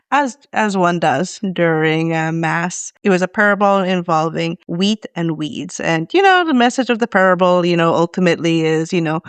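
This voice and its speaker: A woman's voice: on the low side, smooth, no room sound. A woman hosting a garden podcast, chatting casually and laughing often. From Canada. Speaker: podcast host. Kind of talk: casual chat.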